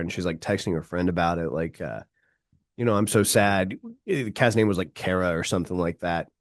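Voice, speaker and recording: A man's voice: sits low, dry recording. A man hosting a radio show, chatting casually and with enthusiasm in a studio, saying "like" a lot. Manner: enthusiastic, laid-back, says "like" often. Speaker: radio host. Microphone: studio mic.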